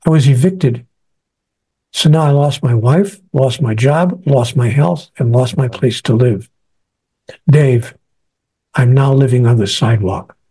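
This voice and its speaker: A man's voice: mid-range voice, warm tone, slightly rough. A man being interviewed as an author, telling a personal story earnestly and acting out the lines he quotes. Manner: earnest, acts out quoted speech.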